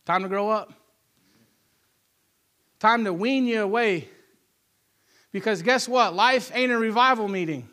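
A male preacher voicing Jesus as a calm, firm, fatherly teacher who speaks low and hushed. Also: measured pace, long pauses.

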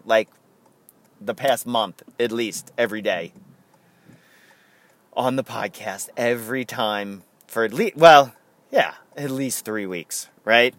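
A man's voice: medium pitch, a bit bright. A man hosting a podcast, chatting casually with lots of chuckles and rambling asides. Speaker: podcast host.

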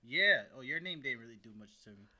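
A young man in casual chat, animated and teasing, laughing often and swearing freely. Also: medium pitch, fast, highs cut off, crowd noise.

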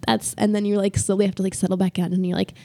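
Giggly teen girl with a gravelly edge. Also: medium pitch, little pitch movement, rapid-fire, mellow. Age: teens. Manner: giggly, bubbly, lots of filler likes. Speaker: podcast co-host, daughter. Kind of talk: casual family chat.

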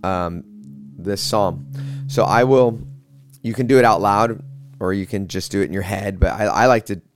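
Man, low voice, guided prayer teaching, halting, fillers, slow meditative reading, spa music behind. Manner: relaxed, halting, with many fillers and restarts. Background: soft spa music.

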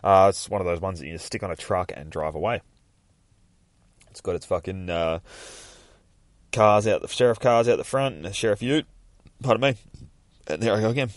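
A man's voice: sits low, brisk, pauses often, no echo. A man hosting a podcast, retelling a comic book in a rambling, profane, jokey way. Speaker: podcast host.

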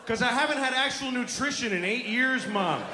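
A man voicing a whining, pleading young boy who is shouting back at a parent on a comedy stage. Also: extremely high pitch, normal speed, crowd noise, noisy background. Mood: whiny outrage. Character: whiny malnourished young child, boy, pleading. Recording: echoey theater, audience laughter.

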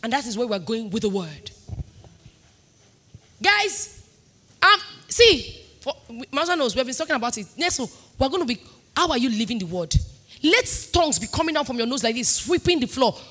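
A Nigerian woman pastor in her thirties preaching a sermon, emphatic and sing-song, swinging between loud declarations and quiet asides. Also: high voice, big pitch swings, moderate pace, pauses often. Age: 30s.

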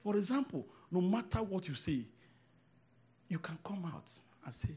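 A man preaching a sermon, emphatic, repeating phrases and swinging from hushed asides to shouted declarations. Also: high voice, very animated, moderate pace, slightly rough.

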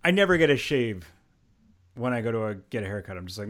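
A man hosting a casual podcast, his voice rising and falling a lot as he rants and jokes. He talks in an animated way and laughs often over a call. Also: medium pitch, fast. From Pennsylvania. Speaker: podcast host. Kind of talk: casual chat. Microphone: headphones on, video call.

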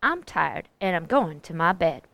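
An actress playing a gruff, bossy, middle-aged hired cook who talks in a blunt, folksy way, in 1940s radio acting. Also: female voice, on the low side, sing-song, a little slow, a bit bright, dry recording, exaggerated voice. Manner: blunt, folksy, ordering people about.

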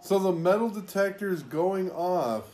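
A man's voice: high-pitched, expressive, a little slow, a little mellow. A man co-hosting a movie podcast, making dry, wry quips and swearing casually. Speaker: podcast co-host.

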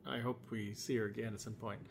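A co-host in a casual fan discussion who gives opinions in a measured, relaxed way. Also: mid-range voice, gravelly, breathy edge. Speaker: podcast co-host.

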